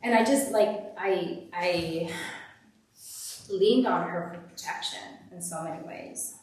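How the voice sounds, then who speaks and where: A woman's voice: fairly low pitch, slow pace. A woman giving a candid, conversational personal testimony as guest speaker at a church service. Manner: candid, conversational, uses "like" often. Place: church hall. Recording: echoey hall from far off.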